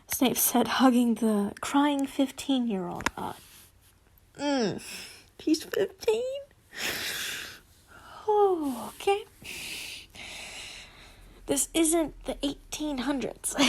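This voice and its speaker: Young woman, high voice, slow giggly read-aloud of fan fiction, trips and fixes her words. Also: lively intonation, a little mellow. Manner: giggly, stumbles and corrects herself.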